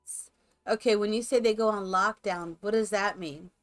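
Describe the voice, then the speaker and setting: A woman's voice: medium pitch, normal speed. A woman live streamer chatting casually and rambling to her viewers while she builds in a game. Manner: chatty, rambling, talks to chat.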